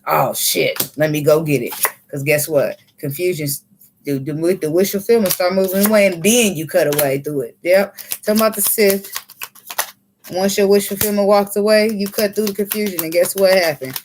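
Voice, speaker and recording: Blunt, profane woman giving a tarot reading. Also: on the low side. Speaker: tarot reader. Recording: faint background noise.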